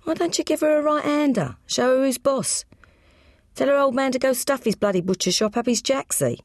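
A woman voicing a menacing, hot-tempered young gangster man, threatening and rising to shouts. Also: high-pitched, animated, brisk, no room sound, studio quality, pitched above the performer's own voice. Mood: scornful.

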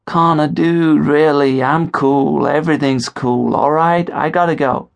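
A jumpy young college guy, played by a male narrator talks out of breath and waves every worry away with slangy reassurance. His voice sits higher than the narrator's own, with a gravelly grain. It is an audiobook voice. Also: fairly even intonation, unhurried. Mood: evasive. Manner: brushes things off casually, slangy.

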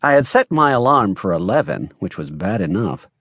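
Wry, lively audiobook narrator man. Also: lowish voice, moderate pace, no echo, studio quality. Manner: wry, playful wordplay. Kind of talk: scripted first-person narration. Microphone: studio mic.

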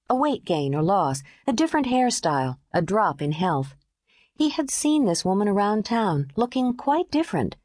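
A woman narrating a novel audiobook in a measured, expressive read. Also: medium pitch, no room sound, clean studio sound. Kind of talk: scripted narration.

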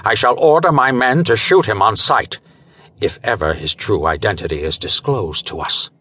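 A man's voice: on the low side, animated, moderate pace, sharp tone, a little hiss or hum. A man voicing a stern, commanding police commissioner in an audiobook. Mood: grim. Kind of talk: audiobook character voice.

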